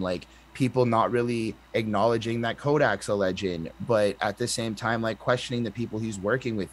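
A man with a somewhat low voice gives his casual opinion of a record. He hesitates often, repeating words and leaning on fillers as he works out his thoughts. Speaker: podcast co-host reviewing an album. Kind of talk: casual album review chat.

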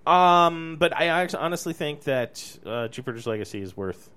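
A woman co-hosting a podcast, giving opinions in a casual, halting way with many restarts. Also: sits low, animated, a bit bright. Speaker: podcast co-host. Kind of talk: casual chat.

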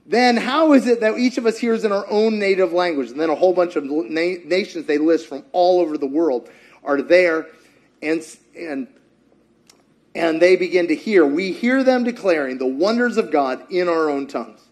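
A man preaching a sermon as pastor, animated and acting out quotes with humor. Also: sits high, moderate pace. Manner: animated, acts out quotes, jokes with co-speaker.

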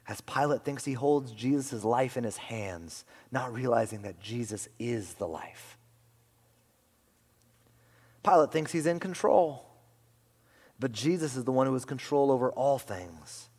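Preacher with dramatic hushed whispers. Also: male voice, mid-range voice, animated, measured pace, long pauses. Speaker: pastor. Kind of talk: sermon. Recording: long hall reverb.

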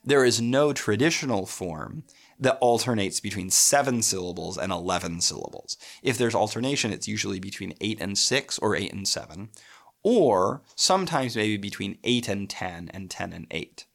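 A man's voice: fairly low pitch, animated, normal speed, creaky. A man hosting a podcast, explaining poetic meter in a thoughtful, analytical way and reading verse aloud. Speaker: podcast host.

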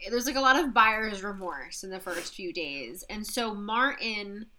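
A woman's voice: medium pitch, lively intonation, a little slow, sharp tone, slight background noise. A woman co-hosting a podcast, recapping a film in a casual way with frequent "like" fillers. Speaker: podcast co-host.

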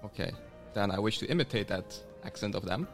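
A man's voice: lowish voice, expressive, a little fast, music in the background. A man playing in a tabletop role-playing game, asking the game master careful questions. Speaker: player. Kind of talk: casual tabletop game chat.

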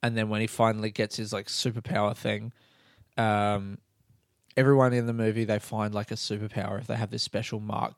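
A man's voice: on the low side, little pitch movement, brisk, no echo, studio quality. A man ranting about a movie on a podcast, swearing and mocking it between bursts of laughter. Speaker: podcast host. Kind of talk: casual podcast movie rant.

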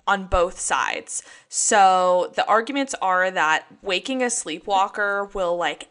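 A woman's voice: medium pitch, sharp tone. A woman in her twenties co-hosting a podcast in casual chat, laughing often as she walks through researched facts. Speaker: podcast co-host.

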